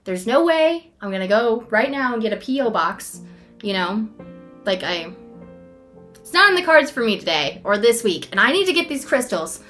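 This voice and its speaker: A woman's voice: fairly high pitch, sing-song, normal speed, fairly bright tone, faint music behind. A young woman in a rambling, self-deprecating casual vlog, filling her talk with "like". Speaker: vlogger. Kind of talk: casual talking-head vlog.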